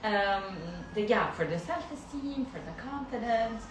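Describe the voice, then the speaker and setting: A woman pediatric dentist chatting casually with a colleague, animated and laughing often as she acts out her young patients. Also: mid-range voice, unhurried, background noise. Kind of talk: casual chat. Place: dental clinic. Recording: echoey room, far from the mic.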